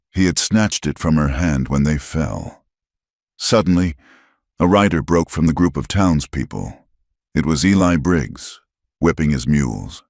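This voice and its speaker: A man's voice: very deep voice, darkish tone, no echo, clean studio sound. A man giving dramatic scripted narration of a story.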